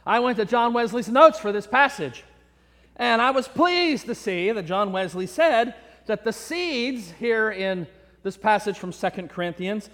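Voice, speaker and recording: A man's voice: high voice, fairly bright tone. A man preaching a sermon in a church, telling a joke story and acting out the characters' voices. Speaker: pastor. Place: church sanctuary. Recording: long church reverb.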